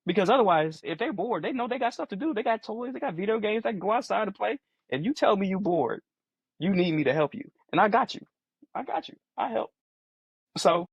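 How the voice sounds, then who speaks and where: A man's voice: sits high, lively intonation, fairly quick, slightly rough, no echo, muffled recording. A man in his forties co-hosting a casual podcast chat, earnest and restating his points as he explains them. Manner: earnest, repeats phrases while explaining. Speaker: podcast co-host.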